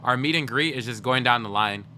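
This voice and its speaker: A man's voice: mid-range voice, brisk, pushed and bright, a little hiss or hum. A young man streaming, rambling and joking as he talks to his chat. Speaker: game streamer. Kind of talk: casual livestream chat.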